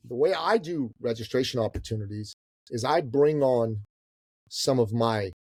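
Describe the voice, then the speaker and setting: A man in his fifties, from Iran, telling a story as a guest on an interview podcast, animated, swearing casually and calling the host "bro". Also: mid-range voice, breathy edge, dry recording, studio quality. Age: 50s. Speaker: guest, business coach.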